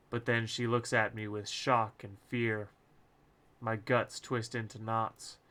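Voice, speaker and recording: A man's voice: lowish voice, bright, forceful tone. A man reading his own novel aloud on a live stream, casual and crude with joking asides.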